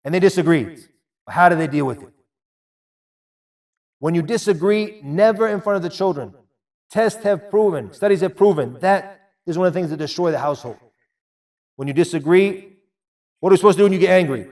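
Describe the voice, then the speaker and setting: A man preaching a sermon, emphatic and repetitive, dropping into quieter asides. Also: high-pitched, a little fast, long pauses, far from the mic. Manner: emphatic, repeats phrases, drops to quiet asides. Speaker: Islamic preacher.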